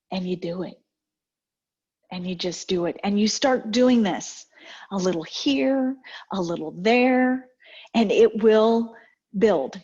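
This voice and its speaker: A husky, breathy woman speaking over a dull, lo-fi video call. She is middle-aged and gives an upbeat motivational talk, slipping into lively personal stories. Her pitch sits in the middle for a woman. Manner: lively storyteller, acts out quoted exchanges. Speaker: guest speaker.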